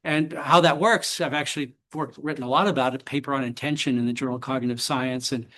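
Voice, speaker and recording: A man giving a university lecture and answering audience questions, measured and academic with occasional blunt dry humor. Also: mid-range voice, steady tone, bright, forceful tone. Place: lecture hall.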